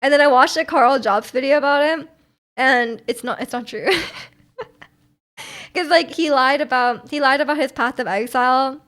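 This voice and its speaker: A woman's voice: high-pitched, a little slow, fairly bright tone. A woman streamer chatting casually with her chat, bubbly and giggly, often restarting her sentences. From Canada. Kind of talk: casual chat reading viewer comments.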